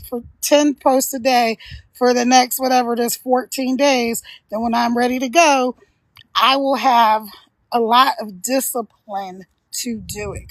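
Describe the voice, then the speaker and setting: A woman's voice: high-pitched, no echo. A middle-aged woman from Philadelphia chatting casually to viewers on a livestream, laughing often and encouraging them. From Philadelphia, USA. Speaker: live streamer.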